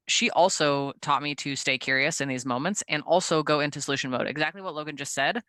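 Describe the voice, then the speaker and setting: A woman business owner in a casual talk, earnest and animated. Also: low-pitched, smooth, no room sound.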